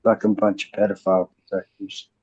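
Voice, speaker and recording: A man's voice: sits low, flat delivery, fairly quick, darkish tone, slightly rough, dry recording, muffled recording. A man co-host in casual chat, agreeing indignantly and swearing. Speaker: podcast co-host.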